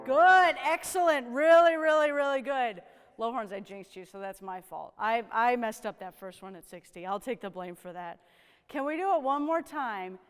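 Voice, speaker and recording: A woman's voice: mid-range voice, moderate pace, smooth, in a large hall. A woman horn teacher coaching young players in a rehearsal, upbeat and encouraging, often checking in with "right?". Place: rehearsal room with young musicians.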